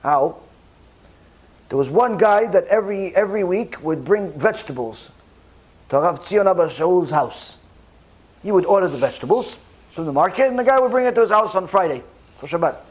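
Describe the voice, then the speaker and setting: A man rabbi telling a story in a sermon, animated and emphatic, rising in pitch and volume at key points. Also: moderate pace, pauses often.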